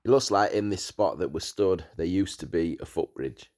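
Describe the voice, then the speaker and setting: Deep-voiced man narrating a voice-over. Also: normal speed, darkish tone. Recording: voice-over with faint music behind.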